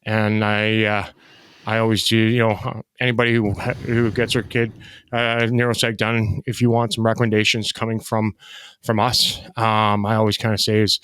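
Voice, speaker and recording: A man hosting a casual podcast interview, halting and filler-heavy, who cuts in on his guest. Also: fairly low pitch, level tone, fairly bright tone, clean tone, no room sound. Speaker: podcast host.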